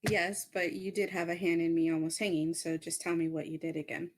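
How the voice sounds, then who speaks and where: A woman's voice: on the low side, steady tone, brisk. A woman speaking as a player in a tabletop game, blunt and direct. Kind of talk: casual tabletop role-play.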